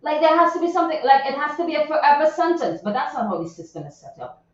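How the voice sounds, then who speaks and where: Lady radio host, higher voice, talking away, kinda far from the mic in a big echoey dull-sounding room. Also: animated, quick pace. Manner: chatty and indignant, with many asides and repeats. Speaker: radio morning show host. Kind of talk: casual chat reading social media news. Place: radio studio.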